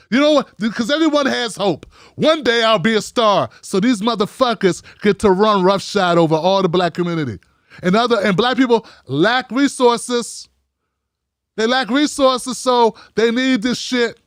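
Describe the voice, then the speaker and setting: Man, high-pitched, ranting, profane, heated live-stream host, dry sound. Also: normal speed, smooth, no room sound.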